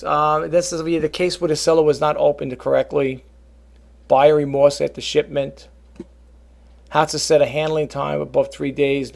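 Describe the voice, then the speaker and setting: Gravelly, rambling male reseller vlogger. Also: medium pitch. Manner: animated, rambling, addresses viewers as folks. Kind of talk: casual talk to camera.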